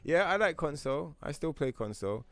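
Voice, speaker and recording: A man's voice: on the high side, expressive, fairly quick, a crowd in the background. A man hosting a game livestream, telling rambling, profanity-filled stories and chatting casually with viewers. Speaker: livestream host. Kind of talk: casual gameplay stream chat.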